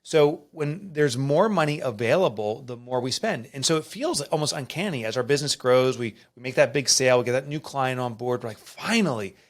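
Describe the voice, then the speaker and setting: A middle-aged man, an author and podcast guest, telling a personal story in an earnest, emotional and animated way. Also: medium pitch, a little fast, hardly any pauses. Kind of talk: candid storytelling interview.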